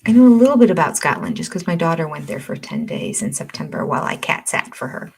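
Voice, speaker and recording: A woman's voice: low voice, wildly swooping pitch, fast, vocal fry, a little mellow, breathy edge. An older woman hosting a livestream, chatting casually, reading viewer comments aloud and laughing often. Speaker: livestream host.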